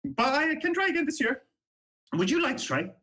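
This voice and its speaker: A very young halfling guard in a tabletop game, keen and boastful, his pitch leaping far above a normal voice and swooping all over. He repeats himself when excited, with a game master doing the voice. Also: brisk, exaggerated voice. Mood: eager. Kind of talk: tabletop role-play.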